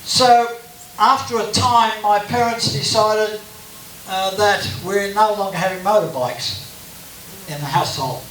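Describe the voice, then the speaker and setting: Speaking a little slowly in a high, fairly bright voice, an Australian man offers a chatty, joking personal talk as guest at a church gathering. Faint hiss and echo mark the distant recording.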